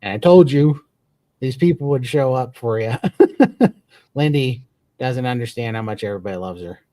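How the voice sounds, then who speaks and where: A man's voice: medium pitch, moderate pace, dark tone, dry recording. A man co-hosting a casual livestream chat, talking with eager, grateful enthusiasm and rambling restarts. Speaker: podcast co-host.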